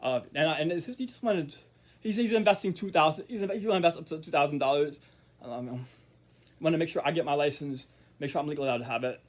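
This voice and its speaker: High-voiced rambling young man. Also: quick pace. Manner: rambling, repeats words, restarts often. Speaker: vlogger. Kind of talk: casual monologue to camera.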